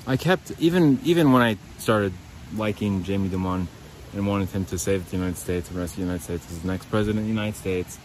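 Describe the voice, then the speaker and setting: A man's voice: deep voice, brisk, a little hiss or hum, low-quality recording. A man hosting his own podcast, rambling and swearing freely in a loose, self-mocking monologue recorded outside by a creek. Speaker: podcast host. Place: outdoors by a creek.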